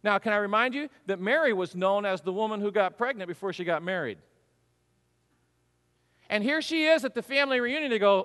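Animated high-voiced male preacher in a hall. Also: fairly quick. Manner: animated storytelling, acts out voices. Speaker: pastor. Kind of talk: sermon.

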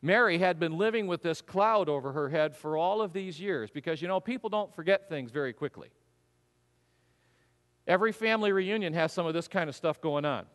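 Animated high-voiced male preacher in a hall. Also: clear, resonant tone. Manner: animated storytelling, acts out voices. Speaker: pastor. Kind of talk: sermon.

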